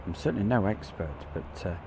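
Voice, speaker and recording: A man's voice: sits low, expressive, fairly quick, background noise. A man with an English Midlands accent hosting a live stream, chatting in a rambling, self-deprecating way. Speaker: livestream host. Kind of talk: casual live commentary.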